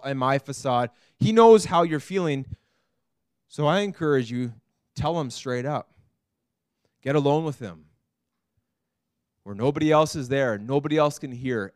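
High-voiced impassioned pastor. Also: male voice, no room sound, clean studio sound. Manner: impassioned, rising high and loud when quoting the psalm. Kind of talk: sermon. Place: church.

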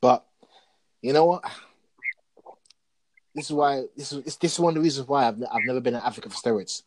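A man talking casually about wrestling as a podcast co-host, telling stories in an animated, excitable way. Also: mid-range voice, brisk, no echo, poor audio.

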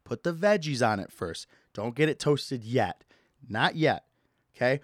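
A man's voice: mid-range voice, a little slow, dry recording. A young adult man hosting a solo comedy podcast, ranting with mock disgust and plenty of swearing into a close mic. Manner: animated, profane, mock-disgusted. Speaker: podcast host.

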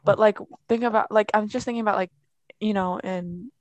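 A young woman chatting casually at an ordinary middle pitch, rambling along with lots of fillers. Her voice is dry and close to the mic. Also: steady tone, a little fast, darkish tone, dry recording, dull audio. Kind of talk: casual chat.

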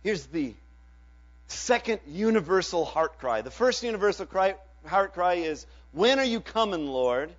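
A man preaching a Sunday sermon as pastor, swinging from loud declarations to hushed, drawn-out words. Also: high voice, very animated. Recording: dull lo-fi with mains hum.

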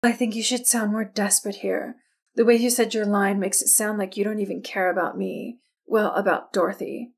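A woman voicing a haughty, bossy teenage girl in an audiobook story, speaking in a condescending, snippy manner with a gravelly edge. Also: medium pitch, flat delivery, normal speed.

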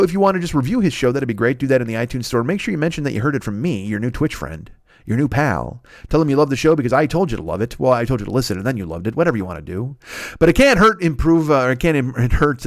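A man's voice: medium pitch, dry recording, studio quality. Rambling, profane podcast host man. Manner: rambling, profane, self-mocking. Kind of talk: casual plugs and shout-outs.

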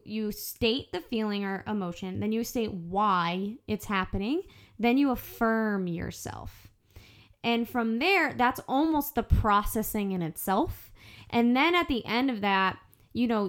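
Candid woman hosting a podcast. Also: mid-range voice. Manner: animated, candid, swears freely; acts out her own inner voice. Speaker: podcast host. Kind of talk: casual podcast conversation.

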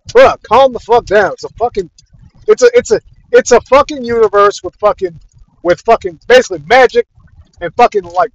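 A man's voice: very high-pitched, animated, normal speed. A young man delivering an exasperated, profanity-heavy casual rant about a fandom, repeating himself as he goes. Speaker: podcast ranter. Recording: dry, dull lo-fi audio.

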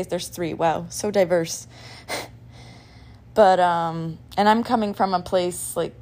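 A woman's voice: on the low side, a little mellow. A young woman hosting a casual podcast, rambling in a scattered, chatty way with lots of "like" and "um". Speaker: podcast host.

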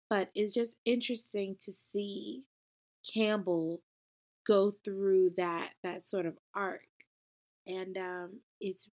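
Animated young woman reviewing a book. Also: medium pitch. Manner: expressive, animated, talks back to the book. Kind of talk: casual book review talk.

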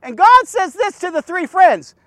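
Emphatic high-voiced male preacher. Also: sing-song, moderate pace, no room sound, studio quality. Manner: emphatic, peppered with "okay?" and rhetorical questions; swings between loud urging and hushed low talk. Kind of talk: devotional sermon.

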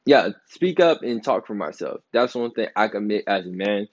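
A young man in his twenties hosts a solo podcast, rambling in loose, slangy, emphatic talk. His voice sits low, and the recording is dry and slightly dull. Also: expressive, moderate pace, no echo. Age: 20s. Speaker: podcast host. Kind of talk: casual solo podcast monologue.

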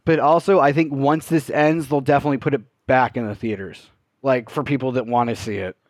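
A man's voice: mid-range voice, fairly even intonation, brisk, dry recording. A man chatting casually on a movie podcast, hedging with lots of "like" and "you know". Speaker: podcast co-host.

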